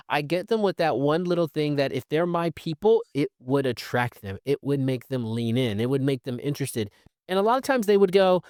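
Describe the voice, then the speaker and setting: Guy hosting his own podcast, kinda high voice, chatty w/ ums, acts out convos, super dry sound. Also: brisk, dry recording. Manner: animated, acts out quoted conversations; conversational with fillers and restarts. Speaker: podcast host. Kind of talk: solo podcast monologue.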